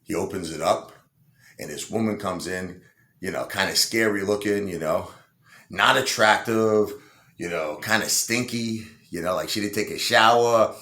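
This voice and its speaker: A man's voice: on the low side, moderate pace, sharp tone. Chatty New man telling a joke. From Brooklyn, New York. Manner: chatty, lots of "you know". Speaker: comedian. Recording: echoey room.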